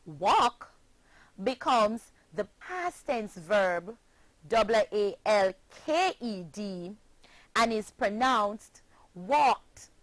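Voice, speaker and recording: A woman from Jamaica teaching a pronunciation lesson, speaking clearly and deliberately and spelling words letter by letter. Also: medium pitch, no echo. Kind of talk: slow classroom pronunciation lesson.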